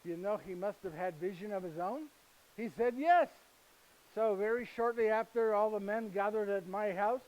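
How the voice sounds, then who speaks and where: An actor playing a humble, earnest Saint Joseph in a live monologue, speaking halting, slightly broken English directly to his listeners. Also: high-pitched, darkish tone, dull audio, natural voice. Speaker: actor in first-person monologue. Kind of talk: live dramatic monologue to an audience. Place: retreat gathering with live audience.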